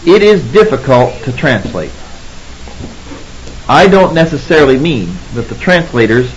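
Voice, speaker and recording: A man giving an expository Bible lecture, measured and deliberate, pausing to stress key words. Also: medium pitch, very animated, dull audio, slight background noise. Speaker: Bible teacher.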